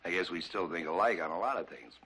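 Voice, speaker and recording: An actor playing a grim, determined frontier lawman in a TV western, speaking steadily and resolutely with a husky voice. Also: low voice, animated, fast, bright, forceful tone, full character voice. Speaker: lawman holding a prisoner. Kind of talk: 1960s TV western acting.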